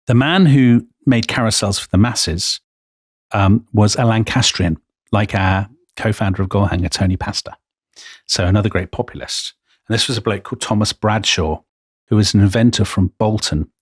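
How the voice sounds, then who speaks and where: A lowish, slightly rough English voice at a moderate pace comes through studio-quality audio with no room sound. He's a history podcast co-host, chatting casually and spinning stories with enthusiasm and plenty of asides.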